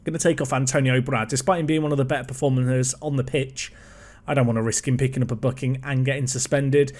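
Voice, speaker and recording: A man casually commentating his football management game, chatty and excitable, calling the play and talking to himself. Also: mid-range voice, quick pace. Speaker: gaming YouTuber.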